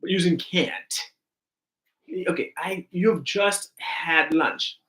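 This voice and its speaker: Speaking very slowly in a voice that sits high, a man runs an online English grammar lesson. He is animated and repeats himself while urging his students to come up with examples.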